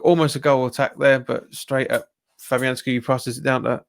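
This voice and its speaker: A young man with a Cockney-tinged London accent doing live watch-along commentary of a football match, reacting loudly to refereeing calls and answering viewers' chat. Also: level tone, moderate pace, gravelly. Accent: Cockney-tinged London English. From England. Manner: exasperated, jumps up in pitch at bad calls, chats with viewers. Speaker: football fan livestreamer.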